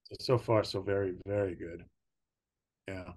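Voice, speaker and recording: An older man with a low voice chats easily as a podcast guest. He tells personal stories with frequent laughter and drifting pauses. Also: steady tone, husky. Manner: warm storytelling, laughing often, trailing pauses. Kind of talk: casual conversation.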